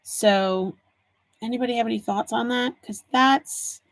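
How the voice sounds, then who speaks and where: A woman's voice: fairly high pitch, measured pace. Chatty woman hosting a live craft stream. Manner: chatty storyteller, answers viewers' comments. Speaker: livestream host. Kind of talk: casual live chat while crafting.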